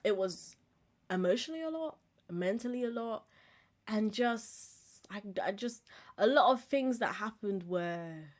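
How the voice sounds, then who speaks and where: A woman's voice: mid-range voice, unhurried. A woman, hosting a live-streamed podcast in a candid, chatty way and laughing often as she talks. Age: 20s. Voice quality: expressive, laughs often while talking. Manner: candid, chatty, swings between loud and quiet. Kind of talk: casual live-stream chat.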